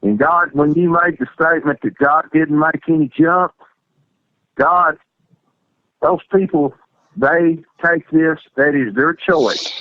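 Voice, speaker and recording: A man phones in to a radio show, talking slowly and earnestly as he quotes scripture. His voice comes through a tinny phone line, dry and close. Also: fairly high pitch, no echo. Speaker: caller. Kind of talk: call-in radio comment.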